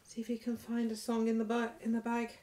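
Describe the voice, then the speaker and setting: A woman leading a nursery rhyme session for little children, gentle and encouraging with a sing-song way of talking. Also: a little high, monotone, a little fast. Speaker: toddler group leader.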